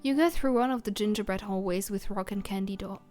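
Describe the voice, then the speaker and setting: A woman's voice: medium pitch, brisk, darkish tone, faint music behind. Woman reading a game aloud. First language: German. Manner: reads narration steadily, adds German asides. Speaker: let's player.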